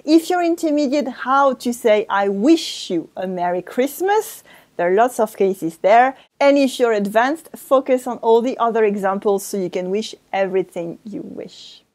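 A woman with a French accent teaching a language lesson, speaking slowly and carefully and repeating words for practice. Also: a little high, lively intonation, a little mellow.

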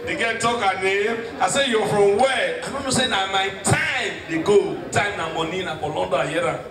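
A man with a Nigerian accent doing stand-up comedy, telling stories with animated delivery and shouting his punchlines to the crowd. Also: high voice, a little fast. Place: comedy stage before a live audience. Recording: echoey stage from far off with crowd.

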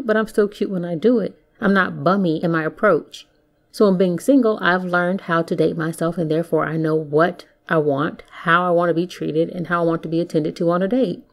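A woman's voice: on the low side, gravelly. A woman hosting a casual solo podcast, talking in a sassy, playful way with slang asides. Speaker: podcast host.

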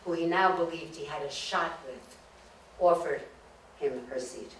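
A woman's voice: low-pitched, a little slow, slight background noise. A woman from Brooklyn, a humorist telling jokes in a humorous talk who laughs at her own punchlines. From Brooklyn, New York. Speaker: humorist speaker. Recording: echoey room, mic far off.

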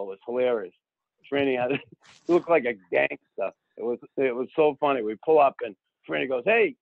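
Gravelly man in his sixties. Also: mid-range voice, no echo. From Boston. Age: 60s. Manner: animated, acts out quoted people, keeps adding "right?". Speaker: podcast guest. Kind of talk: casual storytelling. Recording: dry, phone-like narrow sound.

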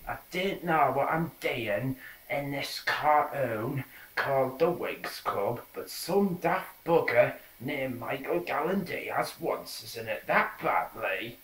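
Comic impression: a chatty middle-aged Geordie caretaker, as a man puts him on, unhurried, recorded at a distance. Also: mid-range voice, a bit bright. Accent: put-on Geordie. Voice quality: broad dialect, rambling, cheeky. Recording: roomy echo, mic at a distance.

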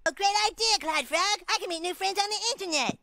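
A man's voice: very high voice, fast talker, vocal fry, bright, forceful tone, no room sound, clean studio sound, heavily acted. A man voicing a bratty, smug, scheming eight-year-old cartoon boy who whines and talks like a pompous grown-up. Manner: whiny and pompous, mock-grown-up. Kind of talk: cartoon voice acting.

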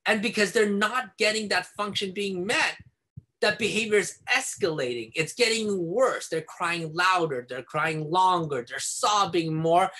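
A man giving a casual, animated video lesson on behavior therapy as a supervisor, acting out examples as he explains. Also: high voice, a little slow.

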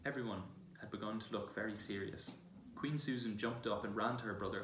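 A man reading a children's novel aloud in a steady, plain way, in a large church. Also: fairly low pitch, brisk, hardly any pauses. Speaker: reader. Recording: roomy church from far off, faint hiss.

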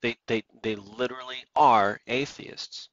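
A man's voice: mid-range voice, steady tone, a little slow, fairly bright tone, no room sound, dull audio. A man preaching an emphatic sermon, repeating his points and reading scripture aloud.

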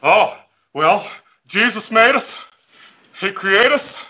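A man's voice: sits high, expressive, slow pace, bright, forceful tone, dull audio, exaggerated voice. A man playing a goofy, overconfident fitness coach who also preaches, with hammy, over-the-top motivational patter over a video call. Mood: preachy. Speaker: fitness guest. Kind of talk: comic character interview over video call. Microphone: headphones with mic.

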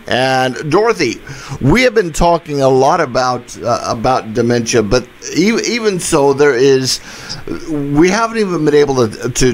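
A man hosting a live talk radio show, upbeat and chatty with many fillers. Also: mid-range voice.

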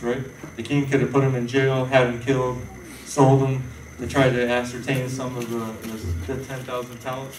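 A man's voice: medium pitch, a little mellow, slight background noise. A man preaching an informal sermon, rambling and conversational with many fillers and restarts. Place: church hall. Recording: echoey room, voice from far off.

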